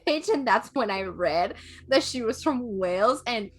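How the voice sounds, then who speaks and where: A woman from Puerto Rico, a guest in a casual chat, talking with animated energy and laughing often. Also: fairly high pitch, a little slow, slightly rough.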